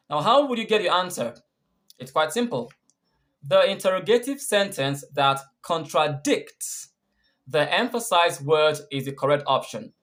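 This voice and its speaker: A man with a Nigerian English accent, teaching a scripted pronunciation lesson as a coach, explaining deliberately and quizzing the listener. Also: fairly high pitch, fairly bright tone. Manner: clear, deliberate explanations with repeated quiz questions.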